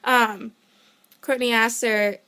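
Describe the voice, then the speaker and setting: A young woman with a slightly high voice tells a long story in a casual vlog. She talks in an excitable, gushing way, rambling and breaking off mid-sentence to start again. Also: takes it slowly, background noise. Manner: excitable, rambling, self-interrupting; gushing fan enthusiasm. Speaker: vlogger.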